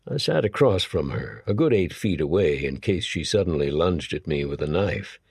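A man's voice: sits low, lively intonation, moderate pace, darkish tone, husky, dry recording, clean studio sound. A man narrating an audiobook in the first person, with a wry, nervous storytelling manner.

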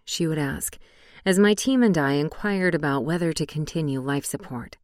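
A woman narrating an audiobook in a calm, measured reading voice. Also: deep voice, no room sound, studio quality. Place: studio booth.

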